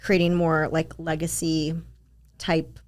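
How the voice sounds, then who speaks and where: Chatty upbeat woman, slightly low voice. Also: completely flat delivery, slow. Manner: chatty, upbeat, filler-heavy with "like" and "um". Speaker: podcast guest, business coach. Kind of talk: casual interview chat.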